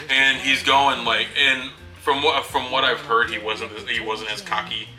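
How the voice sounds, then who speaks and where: A man's voice: mid-range voice, level tone, measured pace. A man co-hosting a casual movie review, retelling scenes and chuckling often. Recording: roomy and distant, with music behind.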